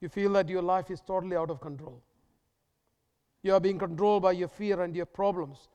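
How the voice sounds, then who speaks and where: Pastor guy preaching, smooth resonant voice, big echoey hall. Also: sits high, steady tone, darkish tone. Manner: emphatic, repetitive preaching with dramatic pauses. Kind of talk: sermon.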